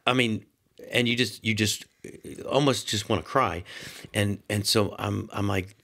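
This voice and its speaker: A man telling a rambling, animated anecdote as a talk show guest, full of restarts and quoted dialogue. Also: on the low side, normal speed. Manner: animated storyteller. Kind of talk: casual anecdote.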